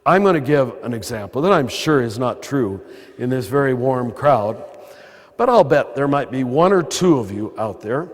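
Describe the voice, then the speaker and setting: An older man with an American accent and a throaty voice, giving a conversational spiritual talk with wry asides as a priest. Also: mid-range voice. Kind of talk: spiritual talk to a live audience. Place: large cathedral. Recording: long cathedral reverb.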